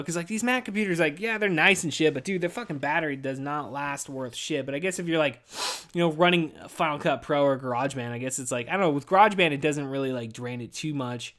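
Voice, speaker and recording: A man's voice: fairly high pitch, fairly quick, a bit bright. A man in his thirties hosting a podcast, venting in a weary, rambling way and swearing constantly. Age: 30s. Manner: profane, rambling, says "dude" constantly. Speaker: podcast host. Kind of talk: casual rambling monologue.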